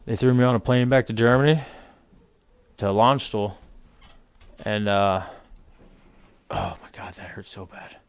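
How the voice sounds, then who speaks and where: A man's voice: fairly low pitch, unhurried, pauses often. Rambling, cursing male veteran storyteller. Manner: rambling, laughs while telling stories, swears freely. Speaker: podcast guest, military veteran. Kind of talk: casual storytelling.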